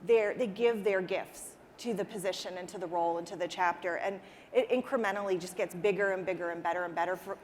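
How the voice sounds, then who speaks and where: A woman speaking earnestly as an interview guest, restarting her sentences and repeating words as she goes. Her voice sits at a middle pitch. It carries a long reverb, as if recorded in a large hall. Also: slight background noise. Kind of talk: conversational interview answers. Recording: reverberant hall with faint ambience.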